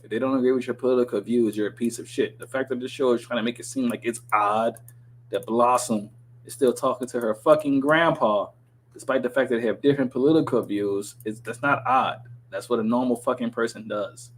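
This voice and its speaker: A man's voice: mid-range voice, fairly quick, poor audio. A man reading a TV script aloud on his podcast, breaking off into profane, sarcastic commentary.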